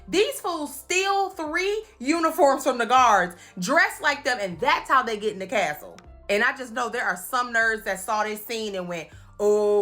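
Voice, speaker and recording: A woman recapping movies in a playful, animated comedic commentary, laughing often and slipping into quick impressions. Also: on the high side. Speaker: commentary host.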